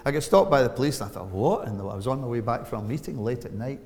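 Scottish pastor, forties, animated storyteller, long church echo. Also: male voice, fast talker. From Scotland. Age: 40s. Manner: storytelling with big swings of pitch and volume. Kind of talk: sermon.

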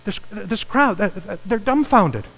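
A man preaching a sermon as pastor, animated, repeating his words and rising in pitch on the points he stresses. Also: unhurried, gravelly. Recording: long reverb of a church hall.

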